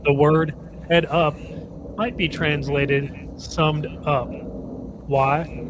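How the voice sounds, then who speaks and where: A man reads a devotional passage at an unhurried pace, keeping his pitch steady and even. His delivery is gentle and measured. A clear hiss of background noise runs under the voice. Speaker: reader of a devotional text. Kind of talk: slow careful devotional reading.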